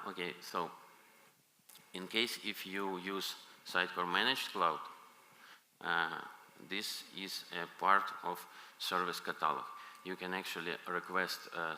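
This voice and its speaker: A man presenting at a conference and answering audience questions, pausing often with filler sounds. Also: low-pitched, pushed and bright. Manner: halting, many filler pauses. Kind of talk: technical Q&A. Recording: reverberant conference hall, faint noise.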